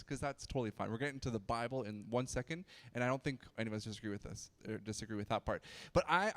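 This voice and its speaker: Chatty youth pastor in a reverberant hall. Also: male voice, on the high side. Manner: chatty, joking, frequent restarts and stammers. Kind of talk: casual youth sermon.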